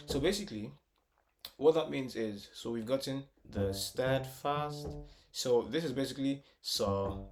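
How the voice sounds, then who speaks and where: In a casual music lesson with guitar clearly audible beneath him, a man thinks out loud, repeats words and sings short solfa syllables to check notes. His mid-range voice is unhurried.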